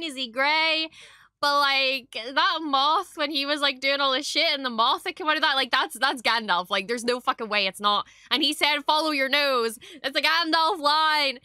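A young woman reacting to a show in excited, gushing casual chat, swearing often. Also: sits high, no echo, clean studio sound. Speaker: reaction streamer.

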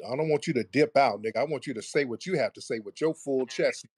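A man hosting a live online audio room, taunting and talking down to a caller with slow, deliberate jabs. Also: medium pitch, a little mellow, slightly rough, dry recording. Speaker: host. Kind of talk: confrontational live audio chat.

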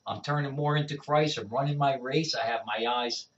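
A man speaking as an evangelist, telling stories of his faith in an animated, conversational way and often checking in with "all right?". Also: medium pitch, normal speed. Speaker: evangelist guest. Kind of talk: conversational testimony. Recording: dull distant lo-fi sound.

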